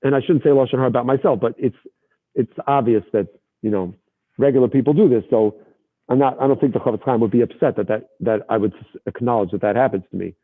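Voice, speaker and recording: A man teaching a Torah lesson as an animated storyteller, sprinkling in Yiddish and Hebrew terms, heard over a tinny line. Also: medium pitch, fast talker. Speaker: rabbi teacher.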